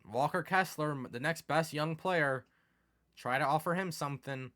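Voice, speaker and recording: Young man, gaming commentator, bright higher voice, excitable, casual. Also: normal speed. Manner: excitable, swings from mumbling to exasperated yelling.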